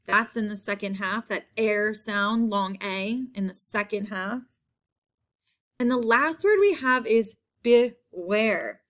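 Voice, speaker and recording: A woman teacher giving a recorded spelling lesson, saying each word several times in a clear, patient way. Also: on the high side, expressive, slow, fairly bright tone. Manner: clear, patient classroom delivery.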